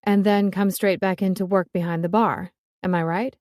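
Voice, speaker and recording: A woman voicing a stubborn, caring young woman who speaks firmly and briskly in an audiobook. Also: medium pitch, fairly even intonation, a little mellow, dry recording, studio quality, natural voice. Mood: sassy. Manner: firm, brisk, cheerfully stubborn. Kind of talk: audiobook character voice.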